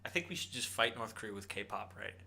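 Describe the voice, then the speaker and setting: A man's voice: on the low side, expressive, fairly quick, gravelly, pushed and bright. A young man co-hosting a podcast, talking casually and rambling with many fillers. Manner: rambling, lots of fillers and impressions. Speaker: podcast co-host. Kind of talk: casual chat.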